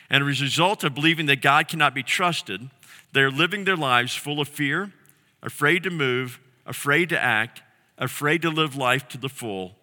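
A man's voice: mid-range voice, bright, forceful tone, long reverb tail. A man preaching a sermon as a pastor, earnest and direct, repeating key phrases for emphasis.

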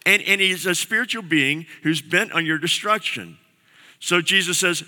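Pastor guy preaching, really bright tense voice, kinda high, big echoey church sound. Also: moderate pace. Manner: earnest preaching with repeated phrases. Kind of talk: sermon. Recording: long reverb of a large hall.

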